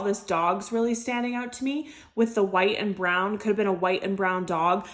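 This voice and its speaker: A woman's voice: medium pitch, a bit bright. Earnest woman giving a tarot reading. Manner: earnest, emotional, repeats phrases, slows on key words. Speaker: tarot reader. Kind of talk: intuitive tarot reading to the camera.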